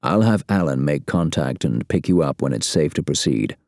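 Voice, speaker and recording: A man doing a cold spymaster in a deep, dark voice. He talks tersely and measuredly, with long silences between his lines. The sound is dry and close. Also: lively intonation, normal speed, creaky, dry recording. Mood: mild. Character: cold, terse male spy chief.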